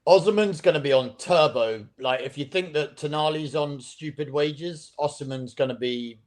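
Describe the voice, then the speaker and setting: A man talking football in a measured way and hedging his points. His voice sits slightly higher than most men's. His tone stays easygoing and casual.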